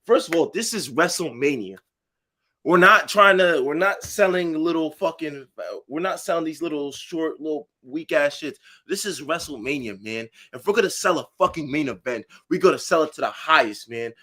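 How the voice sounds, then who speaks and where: Male podcast co-host, higher voice, heated and profane. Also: lively intonation, normal speed, sharp tone. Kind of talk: casual chat.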